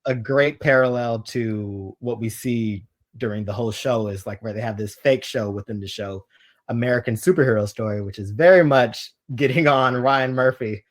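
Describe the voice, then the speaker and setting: A man speaking as a guest reviewer in a casual podcast chat, relaxed and hesitant, with frequent fillers. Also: mid-range voice, moderate pace.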